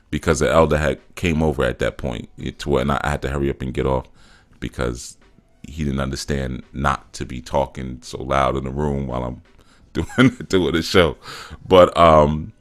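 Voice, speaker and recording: This middle-aged show host, a spiritual teacher, has a rumbling low voice that is a bit bright, with fairly even intonation and a moderate pace. In his casual monologue he tells loose stories with lots of "man" and "you know," performing quotes and sometimes becoming emphatic.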